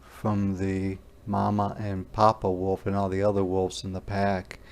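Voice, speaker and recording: A man teacher reading a picture book aloud to young children, slow and gentle, asking them questions as he goes. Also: deep voice, completely flat delivery. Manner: slow, gentle, asks the listener questions, voices animal sounds.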